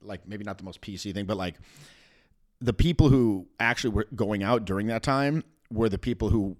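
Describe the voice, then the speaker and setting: A man's voice: fairly low pitch, normal speed. A middle-aged American man, a podcast guest, telling stories casually, acting out voices and swearing freely. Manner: animated, swears freely, acts out voices while laughing. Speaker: guest, dating coach.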